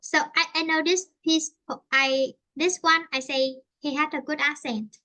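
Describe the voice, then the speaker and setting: Vietnamese-accented woman teaching english online, high voice, says things twice to make them stick. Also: steady tone, bright, forceful tone. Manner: explains slowly in simple English, repeats herself.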